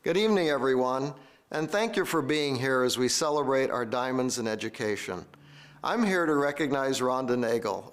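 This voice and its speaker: Brief: man presenting an award, measured and formal, mid-pitched. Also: a bit bright. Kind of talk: scripted speech.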